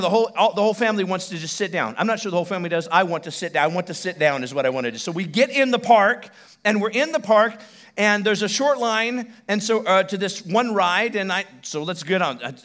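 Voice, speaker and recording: A middle-aged man preaching a sermon on a church stage, telling stories animatedly and swinging between loud bursts and hushed asides. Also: sits high. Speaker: pastor. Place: church stage before a congregation.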